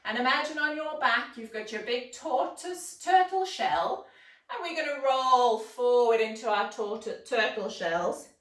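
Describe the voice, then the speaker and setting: A woman leads a children's yoga class in an unhurried, playful storytelling voice. Her voice sits a touch high, with gentle coaxing instructions. She sounds roomy and a little distant from the mic. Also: animated. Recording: roomy echo, mic set far off.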